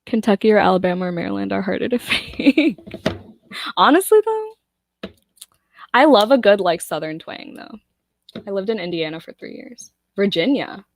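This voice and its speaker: Very animated and giggly, a young American host runs a live book-club stream, laughing a lot, reading out chat comments and welcoming viewers. Her mid-range voice carries vocal fry, comes at a normal speed, and includes long pauses.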